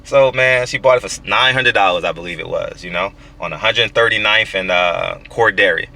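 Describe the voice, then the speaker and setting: A man's voice: lowish voice, moderate pace, creaky, sharp tone. A man in his forties hosting a boxing channel, talking in a casual, profane, emphatic monologue with stammered restarts.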